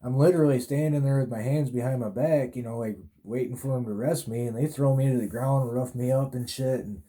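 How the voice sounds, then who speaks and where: A man's voice: mid-range voice, fairly quick, warm tone, close to an everyday voice. A man voicing a big male inmate who indignantly recounts his arrest.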